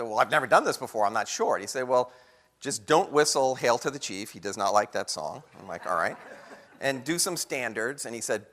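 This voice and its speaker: A man giving a lively storytelling talk to an audience, acting out the voices of people in his story. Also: mid-range voice. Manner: animated storyteller acting out quotes. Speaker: guest speaker. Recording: long hall reverb.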